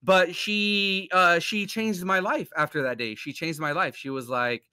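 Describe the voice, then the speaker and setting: A young man, a guest tattoo artist, telling his story in a rambling casual way, full of "like" and "you know" and quick laughs. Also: sits high, sharp tone, clear, resonant tone, no echo, studio quality.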